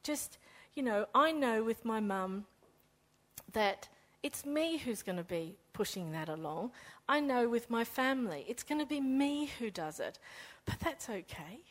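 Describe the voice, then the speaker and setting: A woman giving a personal faith testimony in an earnest, halting way, often repeating words as she restarts. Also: a little high, lively intonation. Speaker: speaker sharing a faith testimony.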